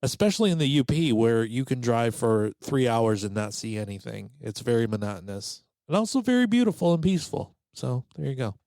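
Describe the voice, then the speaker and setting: A man's voice: medium pitch, a little fast, hardly any pauses, no room sound. A man casually telling a story on a podcast, acting out the voices of the people in it. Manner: animated, acts out quoted voices. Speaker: podcast host.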